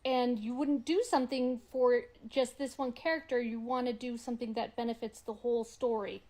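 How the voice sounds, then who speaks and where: Flat-voiced musing woman. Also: on the high side, moderate pace. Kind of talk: casual thinking aloud.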